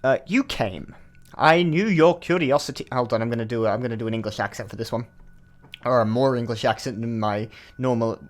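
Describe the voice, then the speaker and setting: A man's voice: mid-range voice, fairly quick. A man with an Australian accent giving casual let's-play commentary, rambling and thinking aloud with many fillers. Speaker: gaming channel host.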